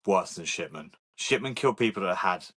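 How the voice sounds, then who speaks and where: A man on a casual podcast, speaking matter-of-factly and without hurry. His voice is very low and a little husky. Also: lively intonation, a little fast, fairly bright tone. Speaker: podcast co-host. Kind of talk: casual chat.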